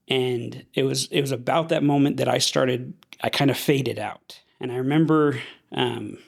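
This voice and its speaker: A young man from Idaho, a podcast guest, telling a personal story in an earnest, halting way with frequent restarts. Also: medium pitch, gravelly.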